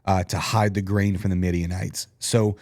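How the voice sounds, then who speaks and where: A man with a fairly low voice hosts a relaxed faith discussion, reading Bible passages aloud and reflecting on them earnestly with plenty of fillers. The sound is dry and close, with no room echo. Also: normal speed. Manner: earnest, reads scripture aloud with frequent fillers. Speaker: church host. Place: church studio.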